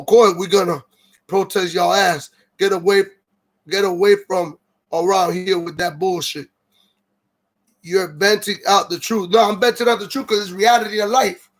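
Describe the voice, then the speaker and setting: A high-pitched man delivers a heated, profanity-heavy rant as the host of his own livestream. He keeps stopping to read viewer comments aloud before he launches back into his tirade. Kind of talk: ranting livestream monologue.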